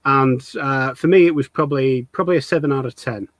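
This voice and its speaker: A man's voice: mid-range voice, fairly quick, dry recording. Earnest man hosting a fan chat. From United Kingdom. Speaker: host. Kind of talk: casual fan interview.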